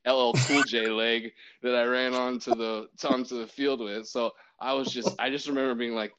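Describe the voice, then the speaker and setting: A man's voice: mid-range voice, moderate pace, background noise. A man who works as a baseball umpire, casually telling a story with lots of restarts and acted-out quotes. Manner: animated, acts out quotes, many restarts. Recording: dull lo-fi audio.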